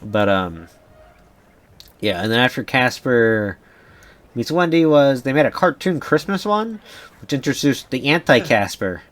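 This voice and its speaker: A man's voice: medium pitch, big pitch swings, a little slow, pauses often, fairly bright tone. A young man chatting casually as a podcast co-host, rambling and going off on tangents, often restarting and swearing. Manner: rambling, sidetracked storytelling with frequent restarts and swearing. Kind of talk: casual chat.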